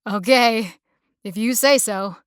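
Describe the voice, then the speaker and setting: A woman's voice: on the high side, slow, clear, resonant tone, dry recording, clean studio sound. A woman voicing a friendly young small-town male mechanic with a slight country drawl, easygoing and folksy.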